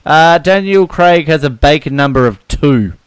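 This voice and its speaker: A man co-hosting a podcast, chatting casually and jokily about films, with halting restarts. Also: a little high, expressive, clear, resonant tone, no room sound. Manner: rambling, joking, halting restarts. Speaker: podcast co-host. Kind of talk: casual film chat.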